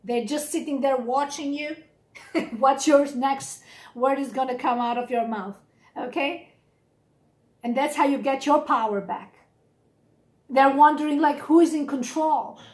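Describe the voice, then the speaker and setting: A woman's voice: high-pitched, measured pace, pauses often. A woman giving a casual, blunt and encouraging tarot reading straight to the viewer. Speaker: tarot reader. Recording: echoey room.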